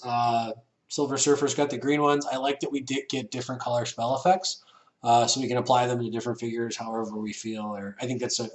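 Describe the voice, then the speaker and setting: Rambling man reviewing toys. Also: mid-range voice. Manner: relaxed, rambling, many fillers and restarts. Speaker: action figure reviewer. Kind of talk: casual toy review.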